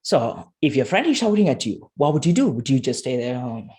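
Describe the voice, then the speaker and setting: A man's voice: medium pitch, sing-song. Emphatic man giving a motivational talk. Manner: repetitive, emphatic, slows to soft guiding tones. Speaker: motivational speaker. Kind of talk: motivational talk with a guided exercise.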